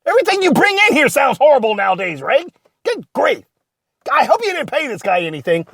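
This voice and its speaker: A blustering, loudmouthed male radio host, played by a performer, swinging wildly in pitch as he rants and shouts. The voice is husky and gravelly, recorded dry and close. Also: big pitch swings, quick pace, dry recording. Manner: ranting, yelling, blustery.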